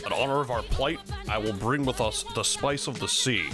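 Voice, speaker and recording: A man's voice: medium pitch, moderate pace, music in the background, close to an everyday voice. A man voicing a grandly dramatic, stubborn German spice merchant in a put-on German accent, reading a comedy podcast sketch in a theatrical, sing-song way. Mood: proud.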